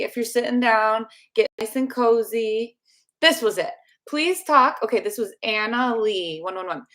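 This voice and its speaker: A young woman from the Chicago area, with a Chicago accent and a medium, slightly bright voice, hosts a livestream Q&A for her dental hygiene channel. She chats casually, rambling with restarts, from a room at home with a space heater.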